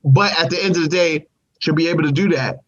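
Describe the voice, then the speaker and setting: A man's voice: a little high, fast talker, a bit bright, muffled recording. A man co-hosting a casual review show who talks in an emphatic, slangy way. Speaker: podcast co-host.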